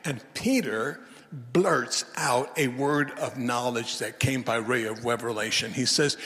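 A male bishop preaching a sermon, animated in his storytelling, with big swings in pitch and loudness. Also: unhurried. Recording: long reverb of a large hall.

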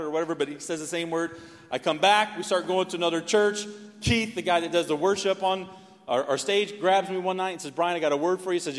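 Man preaching with a lively story. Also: high voice, fast. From North Carolina. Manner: animated storytelling with frequent "right?". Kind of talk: sermon testimony. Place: church sanctuary. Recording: long hall reverb.

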